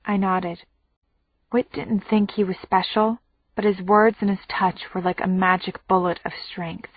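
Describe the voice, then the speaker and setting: A female narrator reading a first-person audiobook in a measured, anxious way. She speaks slowly at a middling pitch. The sound is dry and tinny, like a phone line. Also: steady tone, dry recording.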